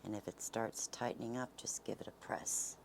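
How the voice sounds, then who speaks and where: A woman's voice: rumbling low, steady tone, moderate pace, creaky, heavy background noise. A woman hosting a cooking video, chatting in a folksy way as she bakes and sometimes dropping to a near whisper. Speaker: cooking channel host. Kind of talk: casual cooking demonstration. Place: home kitchen.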